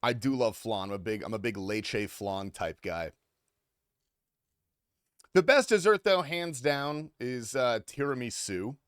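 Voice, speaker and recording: Male streamer, casual and foul-mouthed, with animated pitch and a dry, deadened sound. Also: a little slow, clean tone, no echo. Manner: crude, swears freely, rambling and offhand. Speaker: game streamer. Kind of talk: casual livestream chat.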